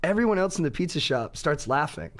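A man co-hosting a podcast, telling a story in an animated, profane way. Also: fairly high pitch, fairly quick. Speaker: podcast co-host. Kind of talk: casual podcast chat.

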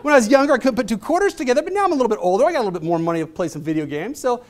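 A man's voice: very high-pitched, very animated, racing. A man in his thirties giving a motivational presentation, telling stories in a casual, chatty way and acting out the voices of the people in them. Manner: casual, chatty delivery with fillers. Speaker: motivational speaker. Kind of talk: storytelling presentation.

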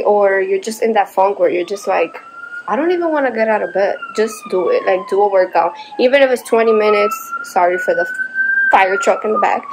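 A woman's voice: mid-range voice, poor audio. Breathless young woman vlogging at home. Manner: chatty, encouraging, many "like"s. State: out of breath after a workout. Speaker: vlogger, new mother. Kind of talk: casual vlog talk to camera. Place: at home, indoors.

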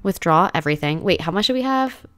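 A woman's voice: on the low side, lively intonation, fast, fairly bright tone, no echo, studio quality. A woman giving casual, dramatic commentary as she plays a life-sim game, full of slangy exclamations. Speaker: gaming let's-play host.

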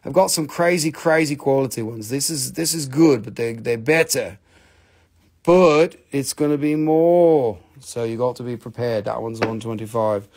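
A man's voice: mid-range voice, moderate pace, a little mellow. A man hosting a casual live stream selling rocks and minerals, rambling and joking with plenty of swearing. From Appalachian Valley, USA. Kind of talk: casual live sales chat.

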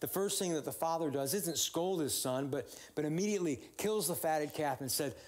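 A man's voice: fairly high pitch, normal speed, hardly any pauses. Man preaching a chatty sermon. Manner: conversational, warm storytelling with many fillers and restarts. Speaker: pastor.

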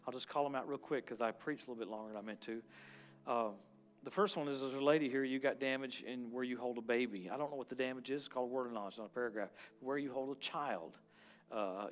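As a guest minister at a church service, a man with a mid-range voice preaches in an animated, charismatic way. He leaps from loud exclamations to quiet, murmured prayer.

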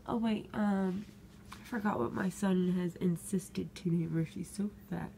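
A woman's voice: medium pitch, normal speed, gravelly, warm tone, a little hiss or hum. A young woman, chatting casually at home into a phone camera while she thinks aloud. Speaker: vlogger reviewing a candle. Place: home room.

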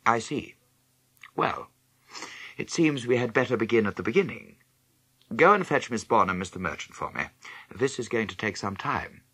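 A stern, quietly menacing headmaster, as a male reader puts him on speaks in a low, husky voice that swings widely in pitch. His words come measured and cutting. The delivery is dry and close for a storybook reading. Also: animated, dry recording, full character voice. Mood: weary, patient. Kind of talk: audiobook character reading.

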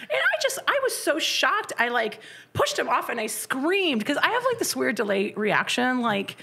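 Young woman from indiana telling stories on a podcast, high voice, gravelly, swoops all over, laughs a lot. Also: moderate pace. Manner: animated, laughs often, acts out screams and voices in stories. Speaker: comedian guest. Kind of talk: casual storytelling chat.

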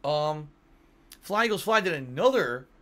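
Man, home streamer, casual rambling chat to chat, bright forceful tone, a little tired. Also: on the high side, expressive, unhurried. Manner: rambling, swears casually, reads donor messages aloud. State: yawning, tired.

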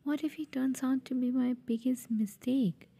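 A woman's voice: sits high, fairly even intonation, moderate pace, gravelly, mellow, slightly rough, full character voice. A woman voicing a sassy, defiant young man held captive in a fan audio drama.

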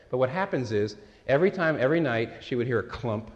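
A man delivers a sermon in a loose, conversational way, telling stories and often circling back to restart a phrase. His voice sits at an ordinary middle pitch. The recording carries a long hall reverb. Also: expressive, a little fast, few pauses. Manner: conversational, anecdotal preaching with frequent restarts. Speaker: pastor.

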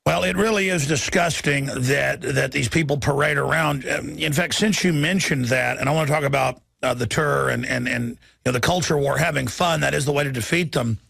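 A middle-aged man hosting a political talk radio show, urgent, rapid-fire and indignant. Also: medium pitch, gravelly, fairly bright tone, slightly rough, no echo.

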